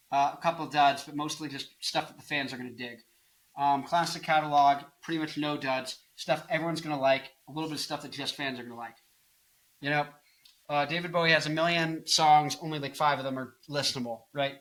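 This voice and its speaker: A man's voice: a little high, poor audio. A man in his early twenties, a tired rock singer hosting his own channel, talking casually and zanily about music with bursts of mock anger. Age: early 20s. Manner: zany, bursts into loud off-key singing and mock anger. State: tired late in the day.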